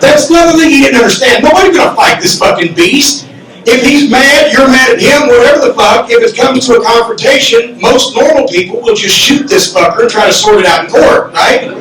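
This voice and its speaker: An older man telling a profane comedic story on stage at a live podcast, loud and animated, acting out the quotes. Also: very high-pitched, brisk, recorded from a distance, crowd noise. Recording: roomy echoey club from the mic.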